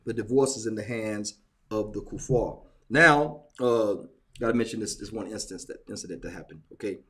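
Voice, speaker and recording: A man's voice: fairly low pitch, moderate pace. A man on a casual group talk show, telling a story with lots of repetition for emphasis. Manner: animated storyteller, repeats phrases for emphasis.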